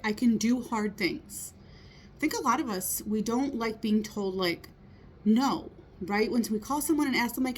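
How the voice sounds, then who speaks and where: A woman in her thirties speaks with a husky, somewhat high voice as she gives an informal motivational talk. Earnest and encouraging, she often reaches out to listeners with rhetorical "right?" asides.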